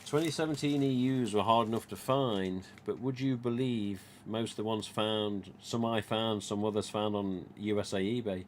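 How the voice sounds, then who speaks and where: At a normal speed with few pauses, a low-voiced man with an East Midlands accent hosts a relaxed live stream about his topic. He collects masks, rambles chattily, and retells dialogue, with a slight hiss or hum audible.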